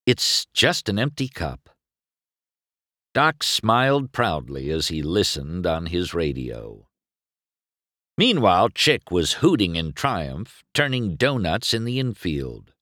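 Man, storybook narrator, very lively pitch, dry close sound. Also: takes it slowly, no echo. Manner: expressive, swooping storytelling. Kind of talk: storybook reading aloud.

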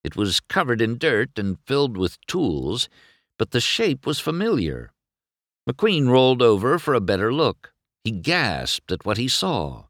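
A man narrating a children's storybook in an expressive, dramatic read-aloud manner. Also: mid-range voice, a little slow, no room sound, studio quality. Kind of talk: storybook reading.

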